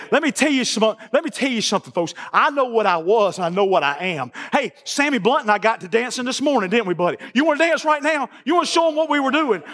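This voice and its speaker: A man's voice: high voice, a bit bright. A man preaching a sermon in a church, folksy and emphatic, repeating his phrases. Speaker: pastor. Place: church sanctuary. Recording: long reverb of a large hall.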